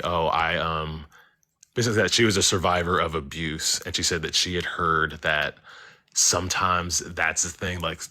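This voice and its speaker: A man's voice: low voice, pushed and bright. A young man calling in to a livestream, telling a ghost story in a rambling, casual way full of "like" and filler words. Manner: rambling, heavy use of "like" and fillers. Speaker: caller.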